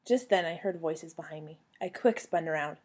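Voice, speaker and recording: A young woman's low-pitched voice carries a children's story at a moderate pace. She's at home on the couch, reading aloud to a former student with plenty of expression.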